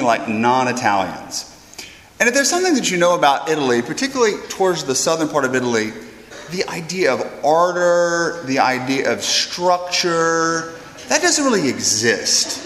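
A young man, a priest, giving a homily as an animated story, acting out the voices of the people in it. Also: mid-range voice. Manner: animated storyteller who acts out quoted voices. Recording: roomy hall echo.

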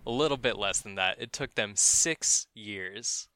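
A man's voice: fairly low pitch, measured pace, bright, forceful tone. A man hosting a podcast, telling a true-crime story as casual chat, profane and wry, chuckling at grim details.

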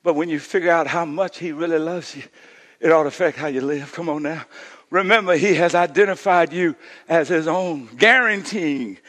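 A middle-aged male pastor preaching a sermon, calling on the congregation to answer back, swinging between shouted climaxes and hushed passages. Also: fairly high pitch, normal speed, big-room sound.

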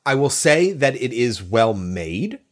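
A man with a sick voice co-hosting a podcast, giving an opinionated, casual movie review. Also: slow pace. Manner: animated, opinionated, swings pitch when emphasizing. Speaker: podcast co-host.

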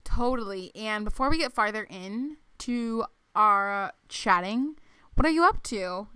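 Young female co-host, friendly casual chat, bright voice. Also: mid-range voice, expressive, a little slow, clean tone, no echo. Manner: friendly, chatty, trailing fillers. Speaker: podcast co-host.

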